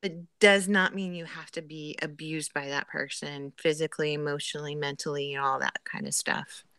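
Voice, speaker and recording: A woman chatting earnestly on a live stream, giving gently preachy, faith-centred advice. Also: low-pitched, steady tone, moderate pace, smooth, no echo, studio quality. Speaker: guest in a live chat. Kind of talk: casual chat.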